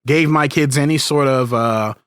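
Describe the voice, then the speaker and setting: A man's voice: medium pitch, moderate pace, clean tone, no room sound. A man co-hosting a podcast, chatting casually as a parent and wandering off on tangents. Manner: rambling, many restarts and tangents. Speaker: podcast co-host. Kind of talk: casual conversational podcast chat.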